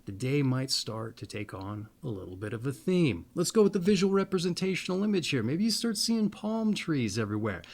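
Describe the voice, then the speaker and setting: A man's voice: medium pitch, big pitch swings, gravelly, darkish tone. Chatty man rambling playfully. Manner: slow, deliberate reading of a text. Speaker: astrology video host. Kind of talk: casual monologue and reading aloud.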